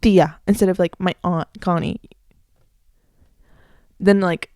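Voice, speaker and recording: This late-teens American woman hosts her own casual podcast slowly, her lowish voice flat, a little mellow, clear, and resonant. She rambles, says "like" a lot, corrects herself as she goes, and shares strong opinions, all in a dry, studio-quality recording.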